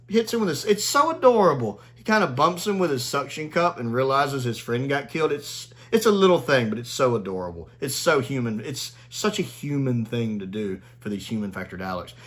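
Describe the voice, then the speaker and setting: A man's voice: on the high side, fairly bright tone. A man giving a casual spoken video review, gleeful and chatty, laughing often and filling his talk with "like".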